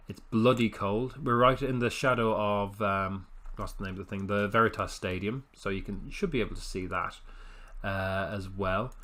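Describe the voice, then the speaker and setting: A man's voice: fairly low pitch, a bit bright. A man casually commenting on a football management game, rambling and self-correcting with wry understatement. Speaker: gaming video host.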